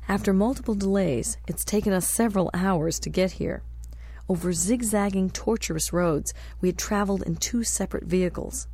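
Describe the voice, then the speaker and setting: A woman reading a travel memoir aloud as a narrator, in a measured, descriptive storytelling manner. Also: fairly low pitch, dark tone, dry recording. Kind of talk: scripted audiobook narration.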